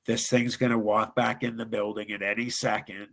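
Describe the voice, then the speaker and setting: A man's voice: lowish voice, flat delivery, moderate pace, gravelly. A man from Ohio, a guest on a live show, telling a true ghost story in an earnest, dramatic way with frequent restarts.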